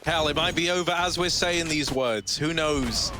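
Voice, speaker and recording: A man casting a competitive shooter match, playful and theatrical, building excitement on big plays. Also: a little high, normal speed, background noise. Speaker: esports caster. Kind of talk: play-by-play commentary.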